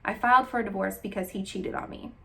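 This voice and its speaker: A woman's voice: mid-range voice, steady tone, fast, vocal fry, fairly bright tone. A woman in her twenties from Texas shares a personal story in a candid, emotional way. She rambles and restarts her sentences as she goes. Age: 20s. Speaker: vlogger.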